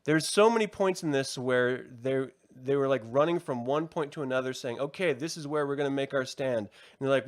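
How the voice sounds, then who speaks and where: A man co-hosting a casual review podcast, talking in an animated, profane way and acting out characters' lines. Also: medium pitch, a little fast, hardly any pauses. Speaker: podcast co-host.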